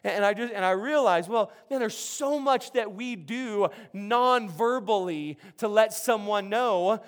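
High-voiced man preaching animatedly. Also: measured pace, clean tone. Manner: animated, acts out quoted voices, frequent restarts. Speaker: pastor. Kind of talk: sermon.

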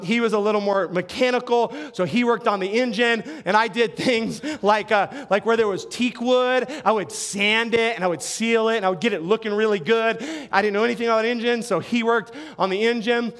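A man's voice: extremely high pitch, fairly bright tone. A middle-aged male pastor giving a sermon in a conversational, storytelling way, with frequent asides and restarts.

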